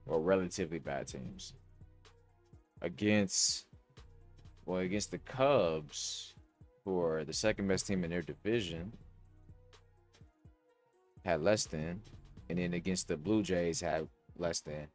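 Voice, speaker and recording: Low-voiced man rambling over sports bets. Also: slow, long pauses. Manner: rambling, thinking aloud with slang and cursing. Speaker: podcast host. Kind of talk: casual sports betting talk. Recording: dry close mic, faint music.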